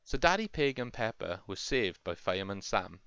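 A man narrating an improvised toy-play story in a lively, playful way. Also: fairly low pitch, moderate pace, gravelly, clean tone, no echo. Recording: dull lo-fi home recording.

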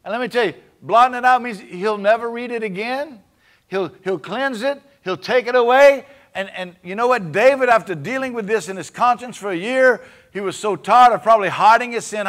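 A man's voice: sits high, a little fast, a bit bright. A man with a Cajun accent preaching a sermon in a conversational way, often asking his congregation for an amen. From Louisiana. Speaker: pastor.

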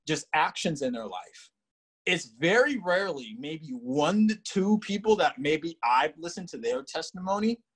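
A man's voice: on the high side, a bit bright. A young man casually telling his faith testimony in an earnest, filler-heavy way. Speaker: guest sharing testimony.

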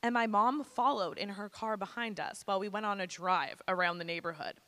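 Bright-voiced woman speaker in an echoey hall. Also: medium pitch, a little fast. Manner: candid, conversational, slangy. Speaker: guest speaker. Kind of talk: personal testimony to students. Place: school hall.

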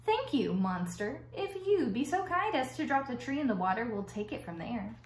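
A woman's voice: fairly high pitch, big pitch swings, normal speed, slight background noise. A woman voicing a sensible female beaver who firmly scolds her stubborn husband. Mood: scolding. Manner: firm, scolding. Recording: echoey room.

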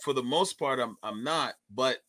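This is a young male stand-up comic with a mid-range voice and a moderate pace, loosely chatting as an interview guest. His manner is energetic and casual, and he often repeats words while restarting what he says.

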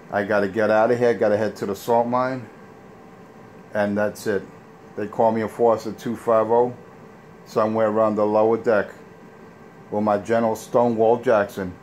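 Deep-ish guy bragging and trash talking on his morning radio rant, bit of hiss behind. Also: darkish tone. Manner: boastful, trash-talking, drawn-out phrasing. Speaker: CB radio operator ranting on air.

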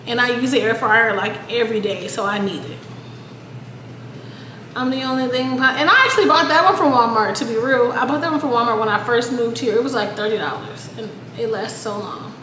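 A woman's voice: fairly high pitch, animated, normal speed. Girl chatting to her viewers at home, swears a lot, echoey room. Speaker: vlogger. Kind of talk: casual vlog chat. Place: apartment at home. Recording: echoey room with background noise.

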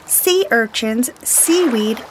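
A woman storyteller reading a children's picture book aloud, slow, gentle and deliberate. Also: fairly high pitch, lively intonation, noisy background.

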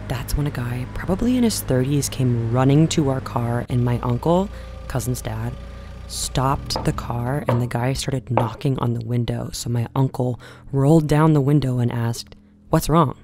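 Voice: mid-range voice, moderate pace, noisy background. A speaker narrating a personal scary experience from childhood in a matter-of-fact way. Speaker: storyteller. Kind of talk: first-person horror story narration.

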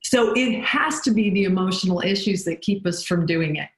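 A woman's voice: mid-range voice, moderate pace. A woman guest talking emphatically in an interview, with dry sarcastic asides. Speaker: guest, business consultant. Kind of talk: conversational interview. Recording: echoey room.

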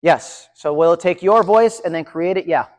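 Man presenting at a conference, lively and chatty, slightly high voice, long hall reverb. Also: moderate pace. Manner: energetic, chatty, engages audience. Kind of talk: live conference session. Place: large conference room.

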